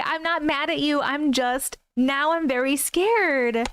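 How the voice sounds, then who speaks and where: A woman's voice: sits high, slow pace, fairly bright tone, dry recording. A woman hosting a casual livestream at home, reading viewer comments aloud, easily spooked and laughing often. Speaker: host reading viewer stories. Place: home room.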